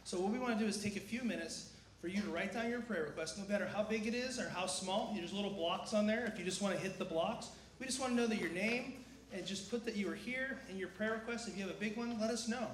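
Give me a high-voiced, energetic man calling out church announcements and quizzing the crowd. He is getting over a cough. It is recorded in an echoey sanctuary with a faint hum of ambience behind. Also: fast talker. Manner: energetic, asks the crowd questions.

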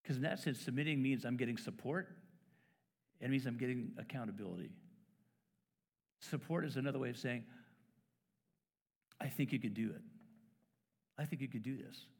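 A middle-aged man preaching a sermon as pastor, telling stories and acting out conversations with lively shifts in voice. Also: mid-range voice, normal speed, pauses often, husky. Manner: storytelling, acts out dialogue with lively shifts. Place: church sanctuary. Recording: church hall reverb.

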